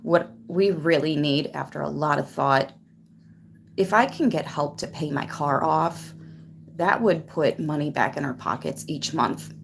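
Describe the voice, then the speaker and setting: A woman's voice: deep voice, a little slow, gravelly, slight background noise. A woman hosting a tarot channel, chatting casually on a livestream while near tears, emotional and grateful as she greets viewers by name. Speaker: tarot reader and channel host.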